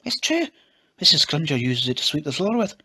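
A man voicing a boastful, eager young boy who talks in an excited stage whisper. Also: fairly high pitch, fairly quick, breathy edge, pitched above the performer's own voice, full character voice. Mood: spooky boasting.

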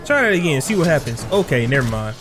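A man's voice: a little high, very animated, fast. A young man hosting a let's play, commenting in a slangy, trash-talking way as he fights through a game. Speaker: gaming channel host. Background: game music.

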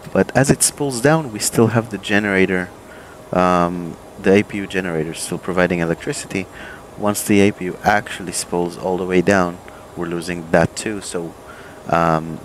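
A man, an airline pilot, calmly walking through aircraft procedures in a relaxed, think-aloud way, with plenty of fillers and restarts. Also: low voice, a little hiss or hum, low-quality recording. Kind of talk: casual instructional walkthrough. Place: home desk with flight simulator.

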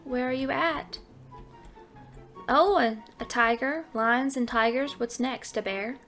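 A young woman with a high, girlish voice narrates her Minecraft game at a relaxed, unhurried pace. She is playful and chatty, coos over cute animals and keeps slipping in a silly oink refrain. Light music plays faintly behind her. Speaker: gaming channel host. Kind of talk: casual Minecraft let's play commentary.

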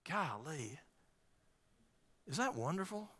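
A man's voice: on the high side, sing-song, takes it slowly, pushed and bright, in a large hall. A man pastor preaching a sermon in a conversational way, calling out to the congregation.

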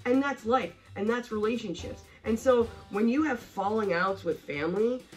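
A woman's voice: a little high, moderate pace, darkish tone. Blunt, swearing woman storyteller. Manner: blunt, profane and emphatic. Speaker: vlogger telling a personal story. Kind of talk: casual storytelling to camera. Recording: distant mic with faint background music.

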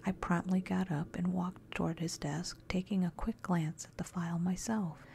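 A woman narrating a scary story in a soft, steady whisper. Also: fairly low pitch, normal speed, creaky, a little hiss or hum.

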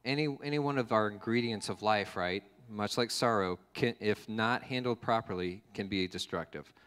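Low-voiced man preaching casually. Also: moderate pace, a bit bright, clean tone, long reverb tail. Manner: casual, joking, fond of fillers and restarts. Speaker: pastor. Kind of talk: conversational sermon.

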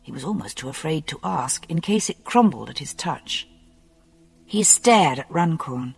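Slow, animated mystery audiobook narrator, husky tone, long hall reverb and soft music underneath. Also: medium pitch. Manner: slow, measured and expressive reading. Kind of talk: scripted novel narration.

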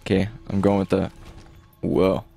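A man's voice: low voice, completely flat delivery, measured pace, creaky, dark tone, soft background music. A young man co-hosting a couch co-op let's-play, chatting in a laid-back, rambling way with plenty of hesitations. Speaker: gaming channel co-host. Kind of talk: casual let's-play chat. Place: living room couch, gaming in person.

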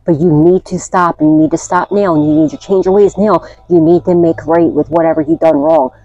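A woman's voice: fairly low pitch, lively intonation, brisk, creaky, dark tone, dry recording, dull audio. A woman doing a casual spiritual tarot reading, chatty and blunt, swearing freely and often asking "okay?". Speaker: tarot reader.

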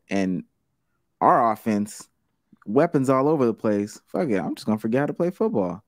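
A man's voice: mid-range voice, normal speed, dry recording, studio quality. A man co-hosting a podcast, chatting casually and profanely about sports, laughing as he talks. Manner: animated, profane, laughs mid-sentence. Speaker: podcast co-host.

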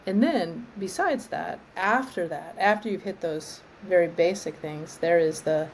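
A woman arborist trainer as an interview guest, explaining in a thoughtful, measured way and often restarting her phrases. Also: lowish voice, a little hiss or hum, rough recording. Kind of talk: conversational interview.

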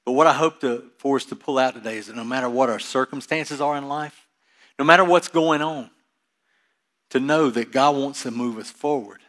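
Male pastor, medium pitch, sermon delivery, loud-to-soft dynamics, casual asides. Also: moderate pace. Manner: reads Scripture aloud and explains it with casual asides; swings between loud emphasis and quiet, trailing lines.

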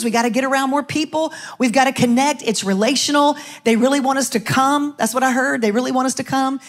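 A woman pastor, middle-aged, tells her testimony to her church in an animated, storytelling way. Her voice sits a little high, and she slips in and out of the voices of the people she quotes. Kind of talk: sermon testimony. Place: church stage.

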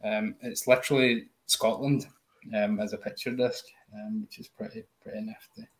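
Man, mid-pitched voice, album review panelist, eager, lots of ums, casual chat. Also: big pitch swings, normal speed. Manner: enthusiastic, many "um" fillers; hums and sings snatches of riffs.

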